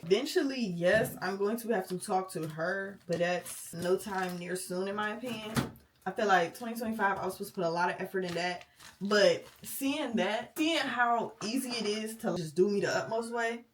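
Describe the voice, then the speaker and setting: A woman's voice: medium pitch, brisk. Young woman vlogger, candid emotional rant, cusses freely. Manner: blunt, profane, emotional venting.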